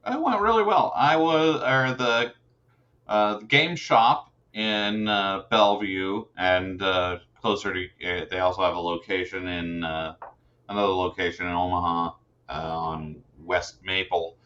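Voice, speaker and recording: A man co-hosting a podcast, talking with halting "uh" pauses. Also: deep voice, sharp tone. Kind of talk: casual podcast chat. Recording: dull lo-fi mic.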